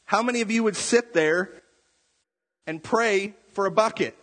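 A pastor delivers a sermon in a conversational manner, dotting his points with rhetorical and tag questions. His voice sits high and a bit bright, moving at a measured pace with long pauses. The long reverb of a large hall surrounds him.

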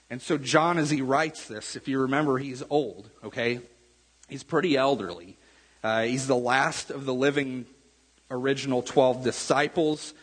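Male pastor, chatty sermon delivery, husky voice, long church-hall reverb. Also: medium pitch, steady tone, normal speed. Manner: conversational, repeats words, asks the room "right?". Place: church sanctuary.

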